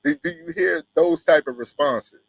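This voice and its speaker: Male host, relaxed and rambling, slightly high voice, dry close sound. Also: normal speed, vocal fry, husky, dry recording, rough recording. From Mississippi Delta, USA. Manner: laid-back, rambling with many fillers. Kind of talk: casual interview chat.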